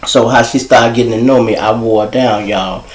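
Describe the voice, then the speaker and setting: A man telling casual, profane street stories as host, animated and swearing freely. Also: moderate pace, echoey room, low-quality recording. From Chicago. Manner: animated, profane, jumps to high voices for quoted people. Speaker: storyteller host.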